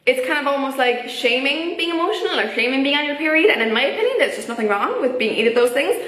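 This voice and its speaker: A woman's voice: high-pitched, lively intonation, quick pace, a bit bright. A young woman with an Irish accent giving her opinions in a casual vlog, chatty and full of filler words. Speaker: vlogger. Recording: echoey room.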